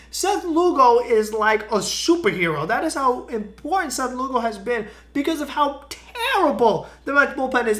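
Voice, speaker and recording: A man's voice: very high-pitched, bright, forceful tone. A man hosting a sports podcast, ranting in a sarcastic, exasperated and emphatic way about his team. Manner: opinionated, emphatic. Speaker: podcast host.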